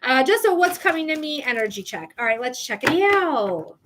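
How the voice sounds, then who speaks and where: High-pitched woman, casual livestream tarot host, emphatic and a bit profane. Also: very animated, normal speed, noisy background. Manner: chatty, emphatic, swears casually. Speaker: psychic reader, livestream host. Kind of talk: live tarot reading, casual chat.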